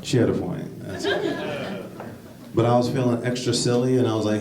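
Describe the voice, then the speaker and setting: A man doing a stand-up comedy set, rambling and correcting himself, with sudden jumps into high-pitched bursts. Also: steady tone, normal speed, recorded from a distance. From United States. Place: comedy club stage. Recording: echoey club recorded from afar, noisy. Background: audience laughter.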